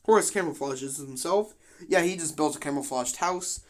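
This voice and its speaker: A man's voice: fairly high pitch, normal speed. A young man giving casual commentary on a game simulation, slangy and full of swearing and joking asides.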